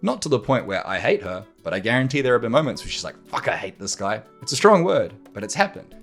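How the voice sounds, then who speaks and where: A man hosting a podcast, talking straight to the listener in a blunt manner, swearing freely and acting out arguments. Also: fairly low pitch. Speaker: podcast host. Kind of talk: monologue to camera.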